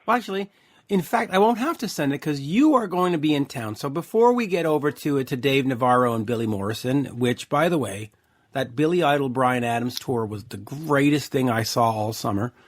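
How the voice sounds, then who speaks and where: A man's voice: medium pitch, animated, fairly quick. A man hosting a rock podcast, chatting in a jokey, loose way with frequent fillers. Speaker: podcast host. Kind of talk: casual interview chat.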